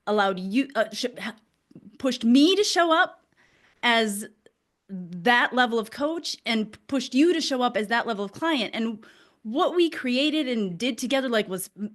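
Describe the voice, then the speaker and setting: A woman's voice: on the high side, a bit bright. A woman, a business coach hosting, speaking candidly, emotional and blunt, swearing freely. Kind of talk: candid conversational talk.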